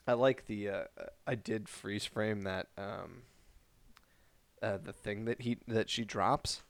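A man co-hosting a podcast in casual chat, animated and laughing often, with rambling asides. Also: on the low side, slow pace, gravelly. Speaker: podcast co-host.

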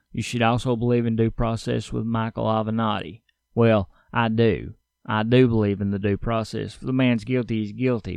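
A man's voice: lowish voice, vocal fry, a little mellow, no room sound. A man hosting a podcast, reading and mocking news stories in a wry, sarcastic way. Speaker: podcast host.

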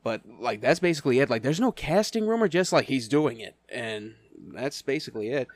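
A man's voice: medium pitch, lively intonation, a little fast, no room sound. A man co-hosting a podcast in casual chat, stammering and laughing often. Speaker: podcast co-host.

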